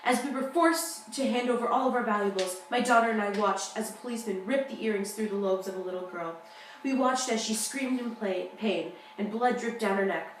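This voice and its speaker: A woman's voice: mid-range voice, slight background noise, close to an everyday voice. Young woman playing a grieving mother in an echoey room. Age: young adult. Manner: solemn, measured storytelling. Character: grieving mother, wartime deportation survivor. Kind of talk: school-project talk-show role-play. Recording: echoey room, distant mic.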